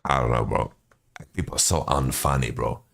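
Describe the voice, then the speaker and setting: A deep-voiced man hosting a watch party stream. He rambles in a loose, profane way, tossing "bro" into nearly every sentence. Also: steady tone, moderate pace, vocal fry, fairly bright tone. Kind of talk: casual reaction commentary.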